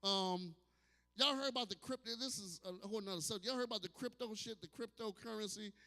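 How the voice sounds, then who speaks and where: Speaking a little fast in a high register, a fifties-aged comic from New Orleans, USA, works a live audience at a distillery bar. His stand-up is loud, brash, and profane, peppered with abrupt shouts and acted asides, and the club room adds hall reverb to the recording.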